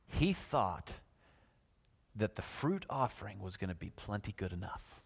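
A man preaching a sermon, telling stories and swinging between loud emphasis and hushed lines. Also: on the low side, sing-song, measured pace, creaky, breathy edge, big-room sound.

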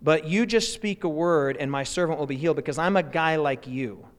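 A preacher voicing a deferential Roman centurion in a low, hushed, plain-spoken voice. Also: male voice, brisk, natural voice. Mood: humble. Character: humble Roman centurion, middle-aged man, deferential. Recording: long hall reverb.

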